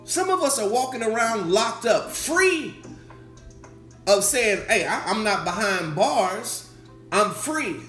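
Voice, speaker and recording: Pastor guy preaching, super lively delivery, echoey church, a bit of music under it. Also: sits high, takes it slowly. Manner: animated preaching with quoted voices and repetition. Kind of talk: sermon. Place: church sanctuary.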